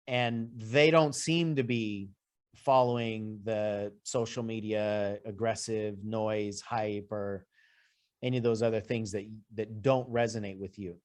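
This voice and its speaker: A man's voice: fairly low pitch, steady tone, measured pace, a little mellow. A man working as a life coach, talking a client through her business goals in a loose, conversational way with lists and asides. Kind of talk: coaching session.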